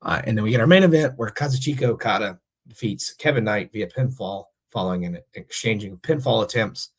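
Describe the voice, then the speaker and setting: Male show host, hoarse and raspy, deep voice, casual filler-heavy recap delivery. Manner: rambling, many fillers. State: losing his voice.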